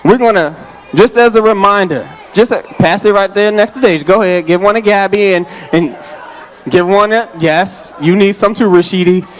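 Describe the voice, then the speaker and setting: A man preaching in a church, his voice set a little high for a man. He jokes with the congregation and talks straight to them in a loose, casual way. He sounds out of breath, as if he has been running. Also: normal speed, a faint crowd. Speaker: associate pastor. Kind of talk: lively Father's Day sermon. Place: church sanctuary.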